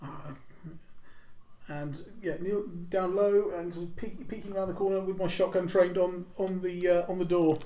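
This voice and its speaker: A man's voice: sits high, flat delivery, moderate pace, mellow. A man playing a tabletop game, hesitant and repeating words as he plans tactics. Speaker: player. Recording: echoey room.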